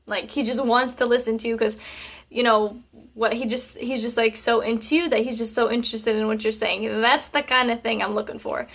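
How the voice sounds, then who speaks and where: A sassy young woman talks straight to her viewers and works through their questions one by one. Her voice sits a little high, and she speaks in loose, chatty bursts padded with "um" and "like". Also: steady tone, brisk, fairly bright tone. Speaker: vlogger answering viewer questions. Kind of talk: casual chat.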